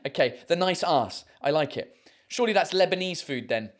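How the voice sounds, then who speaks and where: A podcast host chatting casually on their own show, reading out listener messages. They laugh often, swear casually, and sound out French and German words slowly. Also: animated. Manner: giggly and amused, bursts of high laughter, casual swearing.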